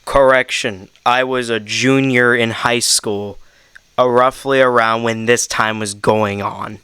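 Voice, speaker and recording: A man's voice: mid-range voice, steady tone, slow pace, pushed and bright, clear, resonant tone. A young man ranting in a voice message, profane, exasperated and rambling.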